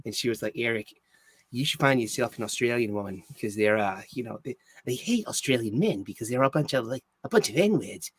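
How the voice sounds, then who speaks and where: A man's voice: mid-range voice, lively intonation, a little fast, husky, no echo. An American man joking crudely and laughing in casual stream banter.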